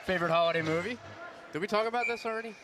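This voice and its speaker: A man's voice: high-pitched, racing, noisy background. A man doing casual, chatty color commentary at a hockey game, rambling and laughing between plays. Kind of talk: casual broadcast banter.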